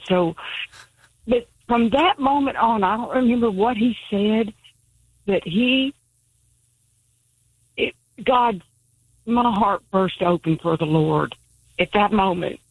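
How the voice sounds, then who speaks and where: Woman caller, gravelly, husky, hesitant, halting. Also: medium pitch, no echo, low-quality recording. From Tennessee.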